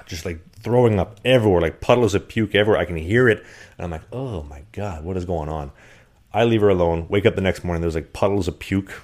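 A deep-voiced man telling a long string of stories in casual podcast chat. He talks fast and keeps rambling along, full of fillers and restarts, acting out the scenes as he goes. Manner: rambling, animated storyteller. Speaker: podcast guest. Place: rented apartment.

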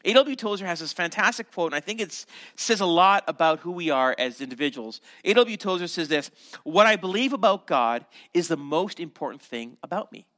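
A Canadian man delivers a sermon, teaching with animated asides and the odd restart. His voice is bright and sits a little high for a man. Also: a little fast, hardly any pauses. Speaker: pastor.

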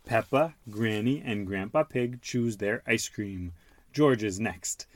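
A man hosting a podcast with his son, reading a children's storybook aloud in an animated, expressive way. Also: lowish voice, slow.

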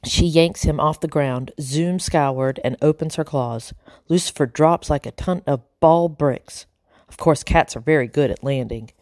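A woman narrating a children's storybook in a calm, even reading voice. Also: sits low, unhurried, dry recording, clean studio sound. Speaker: audiobook narrator.

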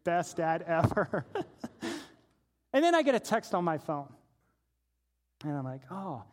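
A man's voice: high voice, wildly swooping pitch, measured pace, darkish tone. A man in his forties preaching a sermon, telling a playful personal anecdote and acting out the voices in it. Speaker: pastor.

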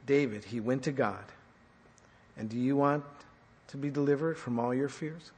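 A male pastor preaching a sermon, swinging between loud and soft, asking the congregation questions. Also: medium pitch, expressive, moderate pace, husky. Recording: echoey hall reverb.

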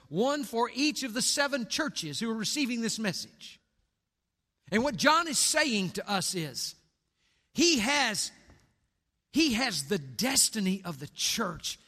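A middle-aged male pastor preaching a sermon, swinging from hushed near-whispers to booming calls. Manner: dramatic swings between hushed and booming delivery. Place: church sanctuary. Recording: long hall reverb.

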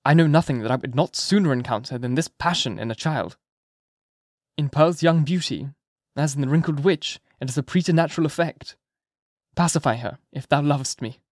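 A worried clergyman begs earnestly in a firm, lifted voice, as a male narrator plays him. The delivery is measured and old-fashioned. The recording is close and dry. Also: a little high, no echo, lightly acted. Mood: imploring. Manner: earnest, imploring.

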